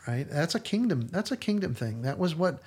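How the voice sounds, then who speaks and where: A man's voice: fairly high pitch, sing-song, brisk, a little mellow, breathy edge. A man hosting a podcast, retelling scenes in an earnest, enthusiastic casual discussion. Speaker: podcast host.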